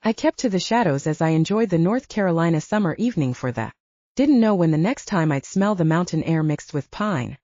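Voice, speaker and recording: A woman narrates an audiobook in a low, mellow voice whose pitch moves a great deal as she tells the story. The sound is dry and close, with a slightly dull, lo-fi quality. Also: lively intonation, a little fast, dry recording. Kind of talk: first-person audiobook narration.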